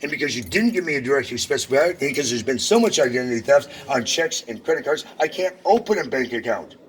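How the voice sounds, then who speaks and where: Speaking at a quick pace with medium pitch and an expressive delivery, a man rants and swears in a heated confrontation at the counter of a social security office in a federal building, then carries it onto a phone call. There's slight background noise.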